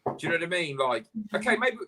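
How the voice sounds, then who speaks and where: Ranting man, high voice. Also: fast, background noise. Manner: animated, swearing, ranting. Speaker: host. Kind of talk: casual ranting chat on a live stream.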